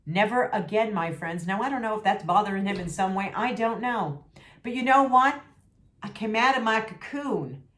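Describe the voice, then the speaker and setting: A woman's voice: medium pitch, moderate pace, a bit bright. A middle-aged woman venting candidly to her viewers in a vlog, sassy and emphatic, repeating herself for emphasis, her voice a little worn. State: losing her voice. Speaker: vlogger. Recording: echoey room.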